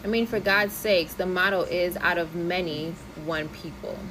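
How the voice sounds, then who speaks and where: A woman from the United States speaking to camera in an earnest, deliberate way. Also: on the low side, noisy background. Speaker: social media commenter.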